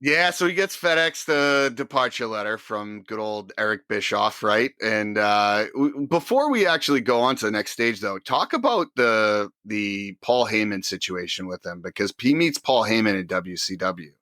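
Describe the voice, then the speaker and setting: Bright, enthusiastic man co-hosting. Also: on the low side, big pitch swings, no echo. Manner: enthusiastic, rapid bursts of storytelling. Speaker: podcast co-host. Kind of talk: casual chat.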